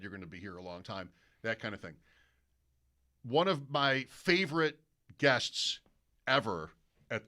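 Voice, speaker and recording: A male sports radio host with a voice on the low side tells a long anecdote in casual studio chat, animated and imitating broadcaster calls.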